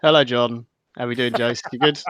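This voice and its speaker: A man talking football as a podcast guest, measured and thinking aloud, over slightly dull call audio. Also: medium pitch, fairly even intonation, a bit bright, no room sound. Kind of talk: casual football analysis.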